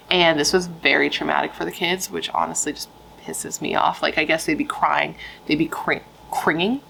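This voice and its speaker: A woman's voice: low voice, gravelly, a bit bright, a little hiss or hum, poor audio. A woman telling a true crime story in a casual, frank, chatty way, swearing freely and using lots of fillers.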